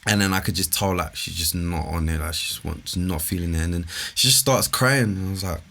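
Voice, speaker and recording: A young man on a podcast, telling a long story in a laid-back way, full of slang. His voice sits a little low. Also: fairly quick, gravelly, sharp tone. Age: young adult. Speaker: podcast co-host. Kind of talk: casual storytelling chat.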